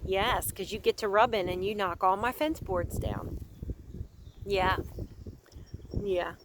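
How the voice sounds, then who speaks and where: A woman's voice: medium pitch, takes it slowly, background noise. A woman chatting casually for her vlog outdoors on a farm pasture, cooing at her animals as she goes. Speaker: horse owner and vlogger.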